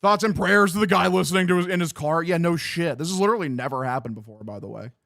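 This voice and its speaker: A man's voice: a little high, fast talker, creaky, a bit bright, no echo, clean studio sound. A young man hosting a casual live game-watch stream. He swears a lot, sounds frustrated and talks to his chat as "boys". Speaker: livestream host.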